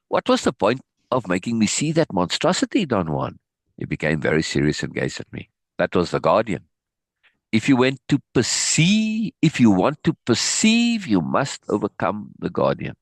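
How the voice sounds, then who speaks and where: Animated man reading aloud. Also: medium pitch, moderate pace, no echo. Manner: animated, laughing asides, repeats words when restarting. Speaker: teacher reading aloud and commenting on a book. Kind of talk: reading a passage aloud with asides.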